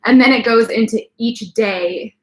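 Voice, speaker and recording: A young woman co-hosting a casual live chat, telling a personal story in an animated way, often saying "like". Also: fairly high pitch, measured pace, echoey room. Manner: animated, breaks into laughs and shrieks while retelling. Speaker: co-host of a live stream.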